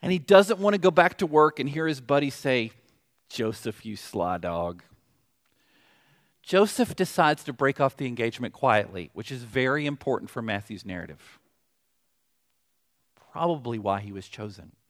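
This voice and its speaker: A middle-aged man with a Southern accent preaching a sermon, telling a story in an animated way with joking asides. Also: medium pitch, normal speed. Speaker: pastor.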